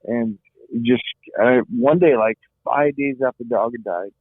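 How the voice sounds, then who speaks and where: A middle-aged man, a guest, earnestly recounts his own survival story in an unhurried, mid-range voice. He often repeats words while searching for the right ones, and the audio is tinny and phone-like, dry with no echo.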